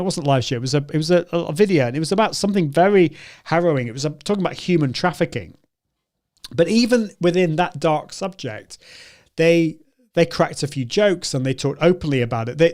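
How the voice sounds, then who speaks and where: A man's voice: on the high side, a little mellow. A man hosting a live video show, talking chattily to his viewers, often correcting himself and laughing. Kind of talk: live-stream talk to viewers.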